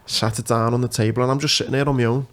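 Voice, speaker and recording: Man from england, podcast host, frank animated storyteller, mid pitch. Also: very fast. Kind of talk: casual chat.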